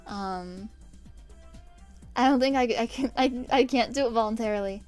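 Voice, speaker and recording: A woman's voice: a little high, moderate pace, darkish tone, faint music behind. A young woman streaming while she draws, telling stories in a casual chat full of swearing and laughs. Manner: chatty storytelling with swearing and laughs. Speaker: VTuber streamer.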